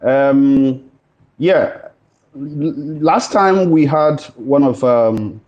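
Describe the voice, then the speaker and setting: A Nigerian man hosting an interview show, formal and welcoming, pausing often with fillers. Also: medium pitch, animated, lo-fi sound. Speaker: podcast host. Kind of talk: hosted interview.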